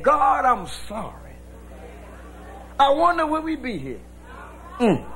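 A man preaching a sermon as pastor, shouting in a folksy preaching cadence. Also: very high-pitched, slight background noise. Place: church with congregation.

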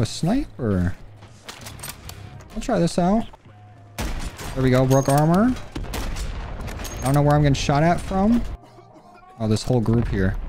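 A man giving casual, cocky commentary on his own gameplay as a gaming YouTuber, with faint music and game gunfire behind him. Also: fairly high pitch. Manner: animated, cocky trash talk.

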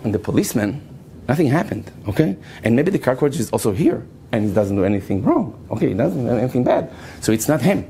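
Animated rabbi telling stories. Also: male voice, mid-range voice, a little hiss or hum. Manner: animated, acts out voices, laughs often, shouts in stories. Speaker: rabbi giving a talk. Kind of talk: lively storytelling lecture.

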